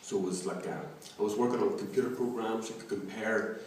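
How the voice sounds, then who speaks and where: A young man from Donegal with an Irish accent, performing a stand-up comedy set in a halting style full of fillers. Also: lowish voice, steady tone. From Ireland. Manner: halting delivery with many fillers, shouting acted quotes. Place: comedy club stage. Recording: echoey room, distant mic, noisy. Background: audience laughter.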